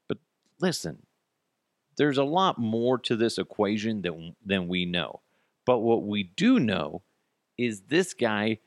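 A man's voice: on the low side, no echo, studio quality. A man hosting a podcast alone, giving blunt, profane, sarcastic commentary. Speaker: podcast host. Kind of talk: solo commentary.

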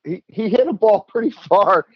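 A man hosting a casual chat, telling an animated story, laughing and acting out quotes. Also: high-pitched, normal speed, breathy edge, no echo. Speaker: host, former player. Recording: dull, lo-fi dry sound.

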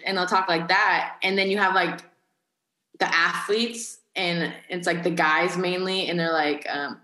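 A young woman from California talks through an interview in a relaxed, chatty way, leaning on "like" again and again. Her voice sits low but sounds bright. The room around her is echoey. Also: a little slow. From Carlsbad, California. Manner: chatty, heavy use of "like". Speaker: college athlete guest. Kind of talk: casual interview chat.

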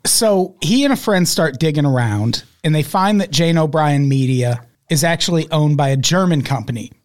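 A man's voice: on the high side, lively intonation, moderate pace. A man on a podcast in casual chat, steadily recounting a documentary's story with wry remarks. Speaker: podcast guest.

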